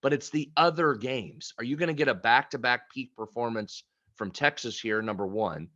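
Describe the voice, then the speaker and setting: Podcast co-host, male, bright edgy tone, a little muffled, loose chatty delivery. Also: mid-range voice, normal speed. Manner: chatty, stumbles and repeats words. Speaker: sports betting podcast co-host. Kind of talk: casual sports betting chat.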